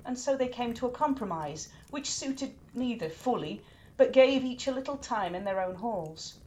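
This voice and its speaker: A woman storyteller narrating a myth in an expressive, lilting way. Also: on the high side, normal speed.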